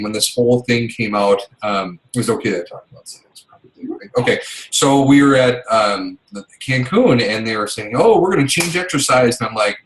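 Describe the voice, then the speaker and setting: A man's voice: medium pitch, reverberant, low-quality recording. A middle-aged man talking casually and chattily, rambling with many fillers and restarts and acting out little quoted exchanges. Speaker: business coach's husband sharing tips. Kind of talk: casual talk to an online audience.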